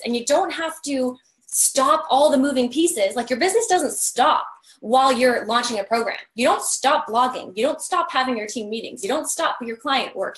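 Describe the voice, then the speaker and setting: A woman's voice: high voice, reverberant. A woman coaching business owners in a chatty live tutorial, full of "like" and "right?", while losing her voice. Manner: chatty, filler-heavy, keeps asking "right?". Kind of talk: live-streamed scheduling tutorial.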